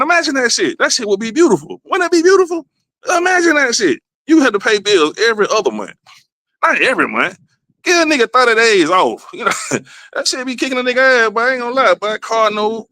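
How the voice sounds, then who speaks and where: A man hosting a comedy podcast with a loud, rowdy monologue, dropping to low mutters and jumping to high exclamations. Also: dry recording. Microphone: desk mic, livestream.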